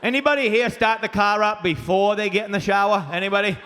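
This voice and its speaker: Maine guy with a maine accent doing crude standup, high voice, club reverb. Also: fast. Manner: loud, crude storytelling with acted-out voices. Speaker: stand-up comedian. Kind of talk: stand-up comedy routine. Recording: live club recording with long reverb and faint ambience.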